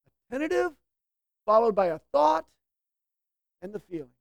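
Conversational woman preacher, fairly high voice. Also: big pitch swings, normal speed, vocal fry, pauses often, a little mellow, no room sound, highs cut off. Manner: conversational, acts out quoted lines with shifting voices; checks in often with "okay?". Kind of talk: sermon teaching.

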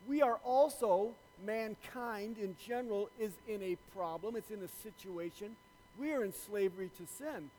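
Male pastor, high voice, conversational sermon, casual storytelling, lots of uh and you know. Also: darkish tone, in a large hall, poor audio. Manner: conversational storytelling, many fillers. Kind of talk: sermon with an opening joke.

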